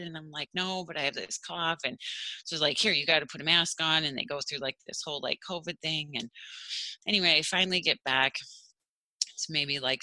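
A woman tells a personal story in a loose, rambling way, filling it with "like" and acting out the voices of other people. Her voice is very bright. The recording is dry and close, with no room sound. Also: low-pitched, no echo, poor audio. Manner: rambling, many fillers and "like"s, acts out quoted voices.

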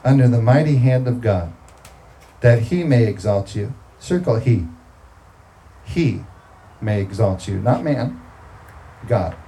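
A man's voice: medium pitch, unhurried, dark tone, a little hiss or hum, rough recording. A man preaching a sermon, talking through scripture in a conversational way and breaking into emphatic bursts.

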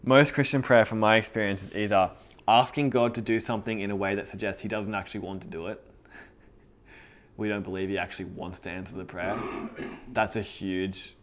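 A male pastor preaching to a group with a fairly low voice. He talks like a friend rather than from a pulpit script, earnest and direct, with frequent little laughs. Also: steady tone, moderate pace, slight background noise. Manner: earnest, conversational, laughs often. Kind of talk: sermon.

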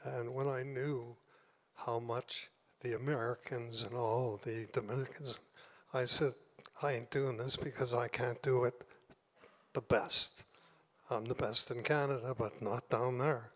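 An older man recounts his past in a plain, matter-of-fact way. His voice sits at an ordinary pitch. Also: steady tone, measured pace, a bit bright. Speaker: guest's father. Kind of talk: telling his life story.

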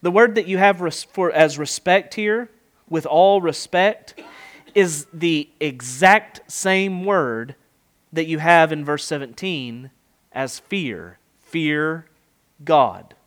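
A man's voice: a little high, slow, fairly bright tone. A middle-aged man preaching an expository sermon, emphatic, with rhetorical questions and rising and falling delivery.

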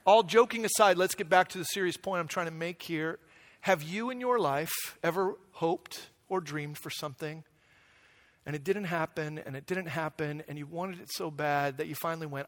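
A man's voice: a little high, normal speed, a bit bright. A man preaching a conversational sermon, acting out quotes and building in intensity. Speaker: pastor.

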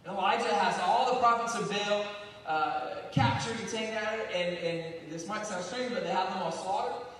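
A man preaching a sermon as pastor, telling the story in a lively, conversational way. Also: high voice, normal speed. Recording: echoey hall from far off.

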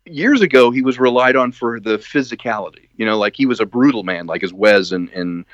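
A man, a filmmaker being interviewed, telling stories in a lively way and acting out the lines of people he quotes. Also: mid-range voice, fairly quick, no echo. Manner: animated storyteller who acts out quoted lines. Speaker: filmmaker guest. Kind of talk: casual interview. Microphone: video call. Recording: dull lo-fi call audio.

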